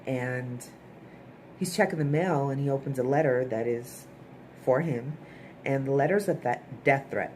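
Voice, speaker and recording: Low-voiced woman recapping TV, chatty. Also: measured pace, darkish tone, slight background noise. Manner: chatty and opinionated, blunt with mild swearing. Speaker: TV episode reviewer. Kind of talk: casual spoken recap.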